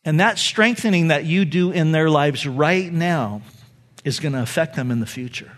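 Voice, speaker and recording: A middle-aged pastor giving a sermon, telling a family story in a loose, conversational way with fillers and laughs. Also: male voice, fairly high pitch, moderate pace, fairly bright tone. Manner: conversational, many fillers, laughs at own stories.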